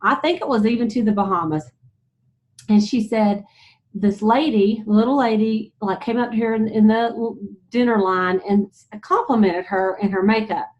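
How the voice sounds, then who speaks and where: A woman leading a motivational sales team talk, chatty and animated, retelling stories with lots of "you know"s. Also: medium pitch, moderate pace. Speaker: sales director speaking to her team. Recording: slightly dull lo-fi sound.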